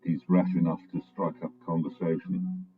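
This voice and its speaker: A man introducing a folk song, telling its story slowly and hesitantly. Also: low-pitched, level tone. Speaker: folk singer. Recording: dull home recording with guitar.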